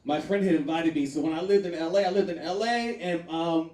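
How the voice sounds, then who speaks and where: A man performing a stand-up comedy set, loud and animated, laughing through his punchlines and jumping to sudden shrieks. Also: on the high side, brisk. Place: comedy venue with a live audience. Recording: echoey room from far off with faint noise.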